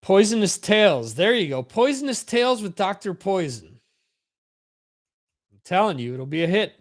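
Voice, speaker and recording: His high voice swings widely in pitch at a moderate pace as he hosts a live-stream podcast. The chat is loose and rambling, with repeated words, and he reads viewer comments aloud.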